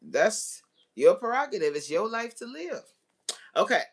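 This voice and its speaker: A woman coaching on relationships in a casual live-stream chat, excitable and talking straight to her viewers as y'all. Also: medium pitch, unhurried, breathy edge.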